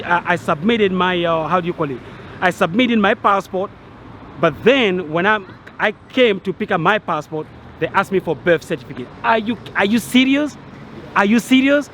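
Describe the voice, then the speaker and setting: A man's voice: high voice, bright, forceful tone, slight background noise. A man ranting in frustration to his vlog audience, annoyed and agitated, stumbling over restarts and repeating himself. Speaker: vlogger. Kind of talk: angry rant to camera.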